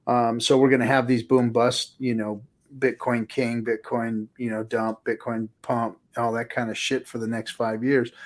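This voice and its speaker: Guy on a livestream hangout, mid voice, punchy and sweary, talks with his hands. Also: medium pitch. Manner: animated, profane, emphatic. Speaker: podcast co-host. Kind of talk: casual chat.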